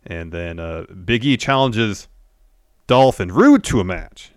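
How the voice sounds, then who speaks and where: Low-voiced man recapping a wrestling show. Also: lively intonation, takes it slowly, clean tone, dry recording, studio quality. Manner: narrates events step by step with filler words. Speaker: podcast co-host. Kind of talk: casual wrestling recap chat.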